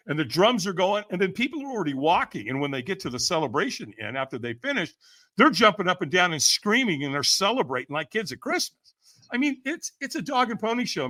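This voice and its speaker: A man's voice: high voice, pushed and bright. A man guest on a podcast telling a story with lots of energy. He acts out the people he quotes, laughs often and keeps saying "man" and "right?". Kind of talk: animated storytelling.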